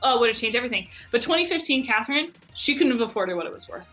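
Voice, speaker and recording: A woman's voice: on the high side, very fast, soft background music. A woman who runs a marketing agency, talking as a guest in an enthusiastic, conversational way and acting out other people's voices as she tells stories. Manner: animated, acts out quoted voices.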